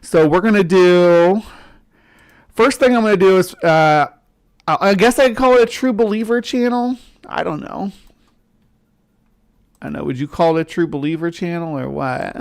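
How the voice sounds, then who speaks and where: A woman's voice: lowish voice, normal speed, creaky, pauses often. Chatty woman from the middle of the us, rambling livestream host, casual skeptic. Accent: central US. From central US, between the South and the upper Midwest. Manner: rambling, chatty, greets viewers as they join.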